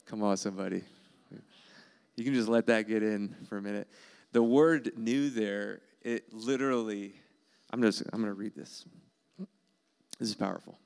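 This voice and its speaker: A man's voice: fairly low pitch, normal speed, vocal fry, darkish tone, smooth. A man preaching a sermon in an earnest, emphatic way, repeating key phrases. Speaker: pastor.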